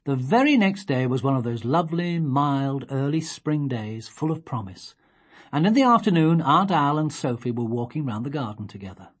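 A woman with a low, husky voice reads a storybook aloud, expressive yet gently measured.

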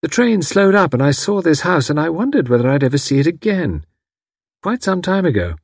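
Voicing a chatty, rambling country housewife, friendly but a little odd and living in a lonely house, a man performs a full character voice pitched above his own. It's fairly high, very animated, brisk, gravelly and slightly rough, homely in manner. The recording is dry, clean studio sound.

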